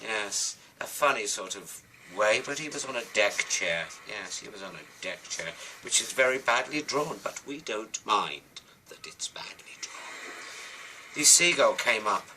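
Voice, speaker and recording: A British man tells a children's story as he draws, wandering into chatty little asides. His voice is strikingly bright and keen. A faint hiss of noise runs behind him. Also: fairly low pitch, animated, moderate pace, low-quality recording. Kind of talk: children's storytelling while drawing.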